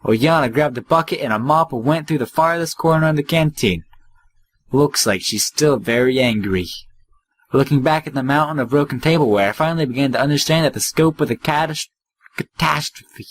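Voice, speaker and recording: A man's voice: a little high, brisk. A man hosting a let's play, reading the story text aloud with wry, offhand asides.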